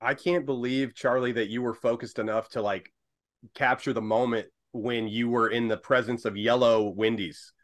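Podcast cohost guy, excited and casual, says dude a lot, mid pitch. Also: normal speed. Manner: enthusiastic, slangy, says dude and man. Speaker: podcast co-host. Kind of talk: casual interview chat.

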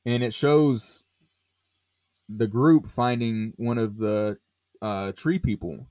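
A man's voice: medium pitch, takes it slowly, darkish tone, dry recording. A man hosting a podcast, talking about a film casually with lots of fillers and restarts. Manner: rambling, many fillers and restarts. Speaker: podcast host.

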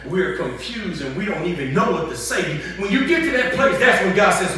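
High, lively preacher in an echoey church. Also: male voice, normal speed. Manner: animated, rhetorical questions to congregation. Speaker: pastor. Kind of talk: sermon. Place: church sanctuary. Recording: echoey church hall from far off.

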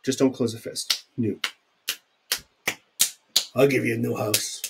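A man's voice: mid-range voice, level tone, slow pace, vocal fry, very noisy. A man teaching sign language vocabulary in a recorded video lecture, chatty and informal, with fillers and asides.

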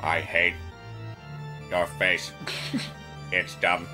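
A man voicing a dopey, low-voiced dimwit who blurts out silly confessions in a goofy, deliberately dim-sounding way. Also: completely flat delivery, music in the background.

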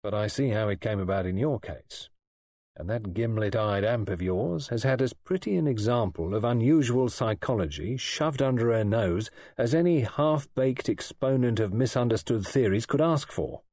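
A man's voice: mid-range voice, animated, moderate pace, darkish tone, no echo. Man doing a blunt middle-aged police superintendent, firm, fatherly, plain-spoken, dry close mic. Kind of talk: audiobook dialogue.

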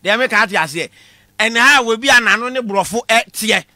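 A man with a Ghanaian accent giving a comic lecture in a lively way, shouting out his punchlines. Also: high-pitched, a little fast, dry recording. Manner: animated, shouting punchlines, mixing Twi with English. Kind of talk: comedy class monologue.

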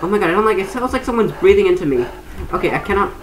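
A young woman casually commenting on her gameplay, chatty and excitable, often laughing and shrieking. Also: mid-range voice, rapid-fire, echoey room, very noisy. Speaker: gaming streamer.

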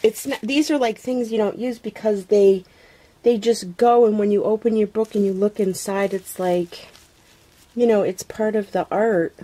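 A woman talking casually to her camera at home, gushing with excitement, exclaiming and gasping, with soft breathy asides. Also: mid-range voice, moderate pace. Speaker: craft vlogger. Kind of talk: casual unboxing chat to camera.

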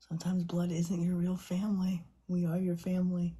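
A woman on a livestream talks with viewers while overwhelmed, gasping exclamations and often slipping into a whisper. Her very breathy, husky voice sits on the low side, warm yet monotone, at a moderate pace.

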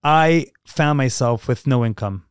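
A man's voice: medium pitch, a little slow, clear, resonant tone, dry recording, studio quality. A man who is a podcast guest, telling an emotional personal story emphatically, with many repeated words.

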